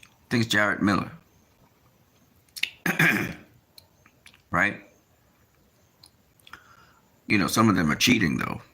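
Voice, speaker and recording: A man talking casually in a rambling monologue, often pausing with fillers as he tries to recall names. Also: on the low side, animated, bright, forceful tone, slightly rough. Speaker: boxing commentator.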